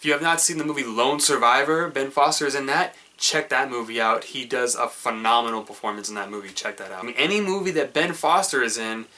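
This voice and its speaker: Guy doing a chill film review vlog, lots of ums, bright punchy voice. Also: medium pitch, fast, hardly any pauses. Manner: chatty, rambling with fillers. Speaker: movie reviewer. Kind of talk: casual movie review vlog.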